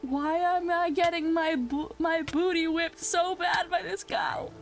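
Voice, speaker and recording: A young woman hosts a Minecraft let's play, talking casually at a measured pace with fairly even intonation while faint music plays behind her. Flustered, she talks back to the game's mobs, swinging from exclamations to low muttering.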